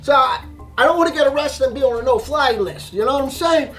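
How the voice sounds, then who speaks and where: A man telling a story in an excitable way, acting out voices and reactions. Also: very high voice, quick pace, soft background music. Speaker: vlogger telling a travel story. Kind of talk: animated storytelling monologue.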